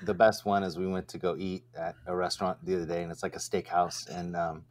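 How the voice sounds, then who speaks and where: A man's voice: deep voice, quick pace. A man co-hosting a business livestream, telling stories casually with lots of fillers and acted-out quotes. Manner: animated storyteller, acts out quoted voices, many fillers. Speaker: co-host of a vending business livestream. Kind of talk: casual storytelling chat.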